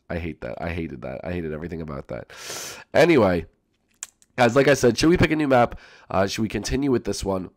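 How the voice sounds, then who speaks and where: A male gaming channel host giving excitable let's-play commentary, repeating himself and talking straight to his viewers. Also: low voice, brisk.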